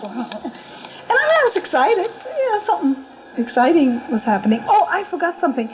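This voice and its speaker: Animated woman telling a story, laughing. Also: sits high, a little fast, noisy background. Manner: animated, laughs often, quotes others in lively voices. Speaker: storyteller recalling a spiritual journey. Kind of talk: casual spoken memoir. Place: talk at a spiritual center.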